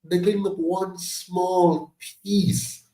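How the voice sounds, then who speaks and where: Jamaican male host, mellow tone, emphatic and indignant, recorded distant and roomy. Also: high voice, level tone, extremely slow. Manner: emphatic, rising to exclaim in indignation. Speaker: host of a political discussion meeting. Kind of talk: passionate political talk.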